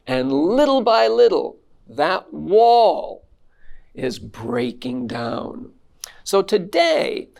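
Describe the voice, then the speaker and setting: Animated male lecturer, gravelly. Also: fairly high pitch. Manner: animated teacher, acts out sample dialogues, drills repetition. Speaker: university English lecturer. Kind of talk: mock lecture.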